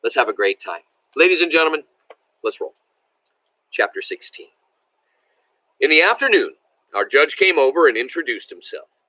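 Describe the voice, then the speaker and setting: Bright-voiced man reading aloud to a class. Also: on the high side, normal speed, long pauses, dry recording, low-quality recording. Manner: animated and enthusiastic, stopping to explain words. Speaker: teacher reading a novel aloud. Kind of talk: reading aloud with teaching asides.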